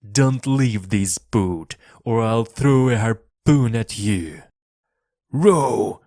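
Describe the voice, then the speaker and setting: A man's voice: medium pitch, extremely slow, a little mellow, dry recording, studio quality. A man voicing an obsessed, commanding old sea captain in a storybook reading, giving stern, barked orders.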